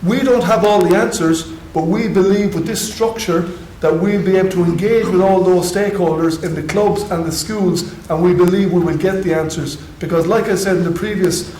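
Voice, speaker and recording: A high-pitched Irish man explains his work on a conference panel, earnest and stumbling now and then. The hall is echoey, with a faint background hum. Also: moderate pace, hardly any pauses, darkish tone. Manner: earnest, with restarts. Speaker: sports development panelist.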